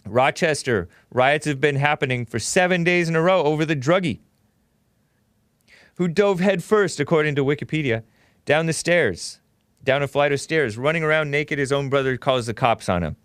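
A man's voice: a little high, moderate pace, no room sound, studio quality. A man hosting a call-in talk show, arguing with and interrupting callers.

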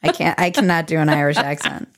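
A woman's voice: deep voice, fairly quick, a bit bright, slight background noise. A woman hosting a comedic political commentary show, sarcastic and irreverent, laughing often. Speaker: host.

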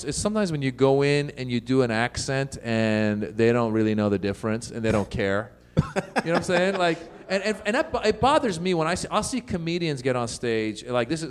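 A middle-aged man from the United States, a comedian guesting on an interview show, telling stories animatedly, laughing often and acting out voices. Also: mid-range voice.

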